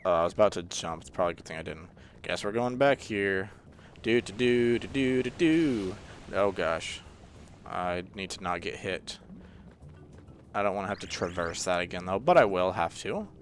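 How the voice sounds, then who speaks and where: A man's voice: low-pitched, normal speed, a little hiss or hum. A young man casually commenting while he plays a video game, rambling and joking, with lots of fillers. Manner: rambling, jokey, easily frustrated, many fillers. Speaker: gaming channel host. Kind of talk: casual let's-play commentary.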